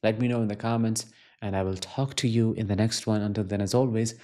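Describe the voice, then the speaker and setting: Earnest man with a mellow voice. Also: lowish voice, steady tone, quick pace. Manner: earnest, reflective, with rising emphatic questions. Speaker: self-help channel host. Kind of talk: personal storytelling monologue to camera.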